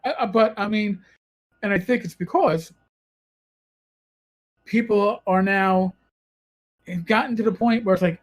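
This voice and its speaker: A man with a New York accent hosts a gaming podcast in casual talk. His voice sits high for a man. He rambles and corrects himself as he goes. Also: a little slow, pauses often, lo-fi sound. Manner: rambling, self-correcting, conversational. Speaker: podcast host.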